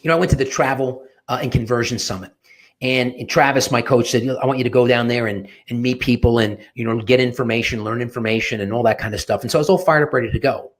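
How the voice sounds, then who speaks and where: A husky-voiced man gives a fired-up motivational talk on sales and networking. He speaks emphatically, with frequent restarts and self-corrections, at a middle pitch. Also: fast talker. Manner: energetic, emphatic, with many restarts.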